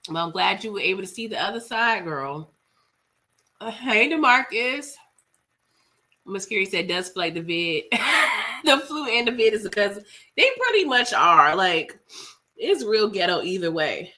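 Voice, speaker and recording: A young woman with flu, hoarse and congested, casually chatting with live-stream viewers while eating, slangy with laughing asides. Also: medium pitch, big pitch swings, normal speed, pauses often, pushed and bright.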